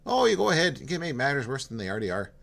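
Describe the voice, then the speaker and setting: A man's voice: medium pitch, big pitch swings, very fast, gravelly, a bit bright, voice pushed up. A man voicing a friendly, talkative male computer technician, with a Minnesota accent that drifts into Irish. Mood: friendly, chatty. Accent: Minnesota sliding into Irish. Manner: chatty, eager to explain.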